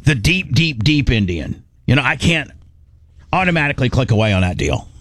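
A man's voice: mid-range voice, big pitch swings, moderate pace, a bit bright, dry recording, clean studio sound. A man hosting a radio show in casual chat, rambling, teasing and poking fun at himself. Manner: rambling, teasing and self-mocking.

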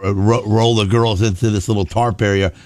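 A man's voice: lowish voice, level tone, brisk, darkish tone, no room sound. A man co-hosting a talk show, chiming in with short remarks and filling in details of shared stories. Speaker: co-host. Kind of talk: casual chat.

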